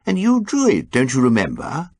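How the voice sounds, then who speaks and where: A man voicing a buoyant, wheedling young gentleman schemer who calls everyone old horse. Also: medium pitch, huge pitch swings, normal speed. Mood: coaxing. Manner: hearty, wheedling, anxious when thwarted.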